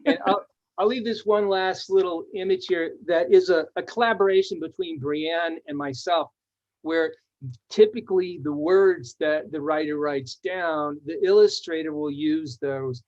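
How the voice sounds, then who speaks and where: A man's voice: a little high, measured pace, a little mellow. Enthusiastic man reading verses, muffled audio. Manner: enthusiastic explanatory, reads verses aloud rhythmically. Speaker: children's author presenting his book. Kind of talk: book talk to readers. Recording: dull lo-fi audio.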